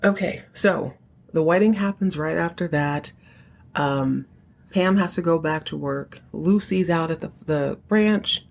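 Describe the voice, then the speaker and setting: Animated woman host with a low-pitched voice. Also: measured pace, vocal fry. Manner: chatty and animated, acting out characters' lines. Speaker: podcast host. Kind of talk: casual episode recap.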